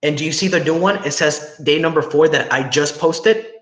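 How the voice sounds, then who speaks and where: A man's voice: fairly high pitch, normal speed. Echoey young male teacher checking in often. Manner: patient, explains step by step with frequent "right?" checks. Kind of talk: online class instruction. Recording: echoey room with faint noise.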